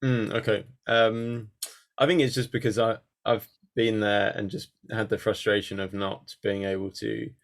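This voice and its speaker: Workshop host, male, low and gravelly, hesitant and filler-heavy delivery. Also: little pitch movement, moderate pace. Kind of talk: casual online workshop chat. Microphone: video call.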